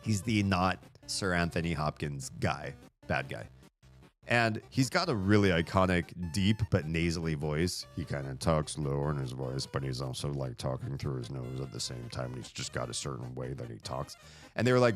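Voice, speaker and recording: A man's voice: low voice, animated, moderate pace, faint music behind. A man chatting casually while streaming a game, telling rambling stories. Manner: rambling storytelling with fillers.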